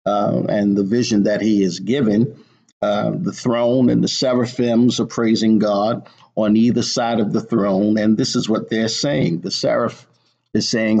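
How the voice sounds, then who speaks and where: A man preaching a sermon, speaking slowly and deliberately, repeating words for emphasis with frequent "uh" pauses. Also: fairly low pitch, steady tone, creaky, darkish tone. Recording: dull lo-fi sound.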